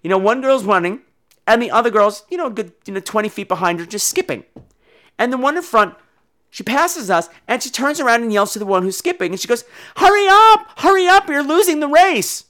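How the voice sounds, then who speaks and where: A man hosting a podcast who tells stories in a casual monologue, animated and profane. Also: high-pitched, fast talker. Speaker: podcast host.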